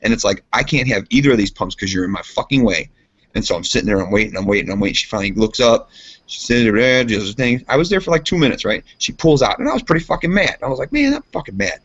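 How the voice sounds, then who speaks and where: A man co-hosting a casual podcast, telling a rambling story and jumping into high voices for quotes. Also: expressive, quick pace, fairly bright tone, husky. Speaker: podcast co-host. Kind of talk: casual chat. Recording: dull lo-fi sound.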